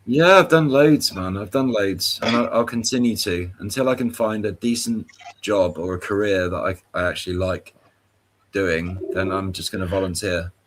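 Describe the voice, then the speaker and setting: A man's voice: low voice, fairly even intonation, moderate pace, a little hiss or hum. A man chatting easygoingly on a live call, talking hesitantly with a few stumbles. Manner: easygoing, hesitant, with fillers and restarts. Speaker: participant in open discussion. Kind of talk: casual chat on a live voice call.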